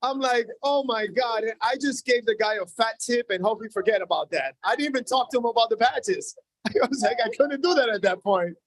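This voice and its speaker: A man's voice: very high-pitched, a little fast, no echo. A man from New York City with a New York accent, telling a jokey story onstage at a business launch event, with lots of "uh" and "right?". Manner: jokey, animated, frequent "right?" and "uh". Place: event room with an audience.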